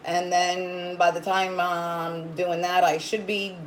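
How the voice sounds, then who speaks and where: A woman's voice: fairly low pitch, flat delivery, slow pace, slight background noise, low-quality recording. A woman hosting a casual livestream, rambling as she greets viewers by name and coos at her dog. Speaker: livestream host.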